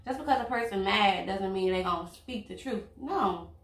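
A woman's voice: medium pitch, lively intonation, moderate pace. A woman, talking bluntly and outspokenly in a casual couple chat over a meal. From Louisiana. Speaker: vlog host, girlfriend. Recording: echoey room, mic at a distance.

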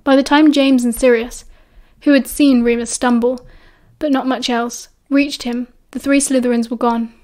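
Casting: British woman, audiobook narrator, high voice, expressive and steady. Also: normal speed, hardly any pauses. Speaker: audiobook reader.

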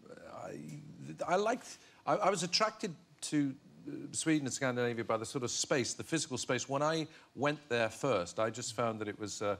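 A man's voice: medium pitch, animated, moderate pace, hardly any pauses, a bit bright. A middle-aged man from Northern Ireland, a guest on a TV chat show, talking in a reflective way with many restarts and easy laughs. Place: television studio.

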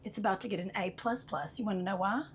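A woman's voice: medium pitch, fast, a little hiss or hum. A woman hosting an RV walkthrough inside a travel trailer, chatty and sassy, calling viewers honey and y'all. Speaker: RV tour host. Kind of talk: enthusiastic walkthrough review.

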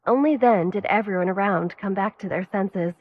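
A woman reads a dramatic story in a steady, even narrating voice. Her pitch sits in the middle of the range. The recording is dull and lo-fi. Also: normal speed, breathy edge. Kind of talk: scripted audiobook narration.

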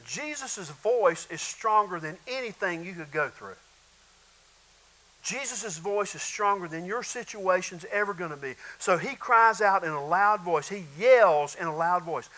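A man with a high, bright voice preaching to a congregation. He talks casually and chattily, then breaks into loud shouts and laughs. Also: poor audio. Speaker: pastor. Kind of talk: sermon.

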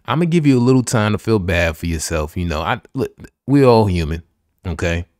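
A man's voice: fairly low pitch, animated, fairly quick, darkish tone, no echo, studio quality. A man hosting a podcast, giving an emphatic, repetitive motivational pep talk full of slang. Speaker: podcast host.

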